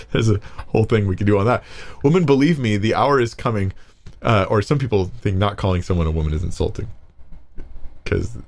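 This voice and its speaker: A man, a pastor, explaining a Bible passage in a casual, conversational way, reading verses aloud and getting animated when he paraphrases. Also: on the low side, a little fast, gravelly, long pauses.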